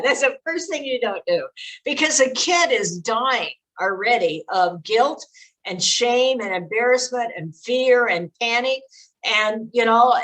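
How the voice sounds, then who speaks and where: Her voice is fairly high and fairly bright, though the audio quality is poor. An older woman presenting on child exploitation prevention, she offers parents sincere, straightforward advice, filling her speech with fillers.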